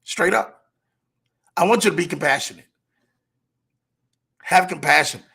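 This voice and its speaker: A man with a slightly high, gravelly voice gives a motivational talk as the show's host. He preaches in a casual way, repeats his main lines and drags them out slowly to drive them home. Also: bright, forceful tone. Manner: preachy, repeats key lines, slows for emphasis.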